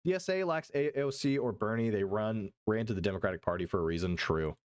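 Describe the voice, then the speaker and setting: A man's voice: on the low side, animated, fast talker. A male streamer reacting live to a video, swearing a lot, joking, and jumping between put-on voices. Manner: profane, jokey, jumps between voices.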